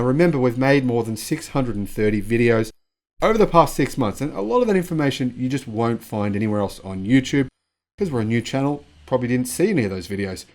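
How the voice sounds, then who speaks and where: A man hosts a news commentary vlog. He talks in a chatty, sarcastic way, reacting to the news, in a voice of everyday, middling pitch. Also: darkish tone. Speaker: channel host.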